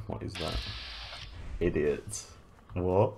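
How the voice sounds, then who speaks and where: A man with a low, unhurried voice, commenting casually as he plays a video game. He cracks jokes and swears under his breath. Clear background noise runs under the recording. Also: lively intonation. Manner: joking, swearing asides. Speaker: gamer.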